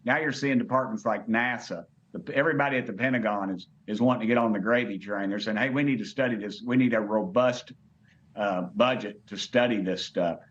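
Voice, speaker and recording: A man's voice: on the low side, brisk, fairly bright tone, dull audio. A man, a congressman speaking as a guest in a TV interview, blunt and folksy, repeating words as he goes. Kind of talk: live TV interview.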